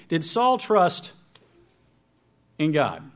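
A man preaching a sermon, reading scripture aloud with emphasis and dropping to quiet, low asides to explain it. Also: wildly swooping pitch, slow pace, pauses often.

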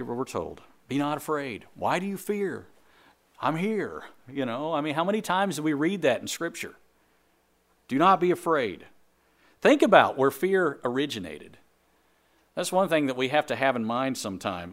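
Male pastor, mid-pitched, relaxed conversational sermon delivery with humorous asides. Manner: conversational preaching, jokes and quick asides, repeats phrases.

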